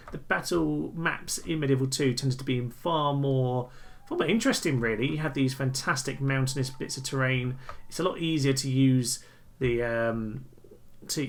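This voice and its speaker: A man giving casual, amused commentary over a strategy game, chatty and full of quick asides. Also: mid-range voice, creaky, a bit bright. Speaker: gaming channel host.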